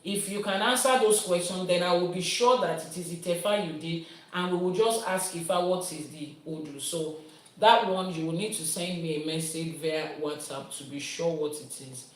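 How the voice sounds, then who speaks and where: A woman's voice: fairly low pitch, moderate pace. A woman, a priestess teaching and answering viewers' questions with everyday comparisons. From Nigeria. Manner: explains with everyday comparisons, lively teacherly delivery. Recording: roomy sound from a distant mic.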